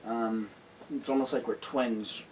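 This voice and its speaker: A tired man hosting a casual racing news roundup, hurried and rambling, correcting himself as he goes. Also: medium pitch, fairly even intonation, darkish tone, far from the mic, slight background noise, poor audio. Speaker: host.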